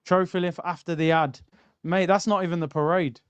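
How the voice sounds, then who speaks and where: A young man hosts a football watchalong, chatting and joking with his viewers. His voice sits a little high and sounds smooth and clear. The sound is dry and close to the mic. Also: steady tone, a little fast, no room sound, lo-fi sound. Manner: banter, reacting and reading out chat. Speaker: streamer hosting a football watchalong. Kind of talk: casual live-stream chat.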